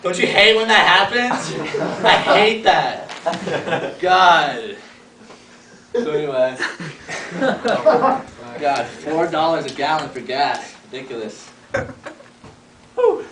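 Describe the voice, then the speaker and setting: A man's voice: a little high, lively intonation, slow, pauses often, noisy background. A man doing a crude mock stand-up routine, rambling and asking the audience questions. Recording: echoey room from far off with a laughing audience. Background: audience laughter.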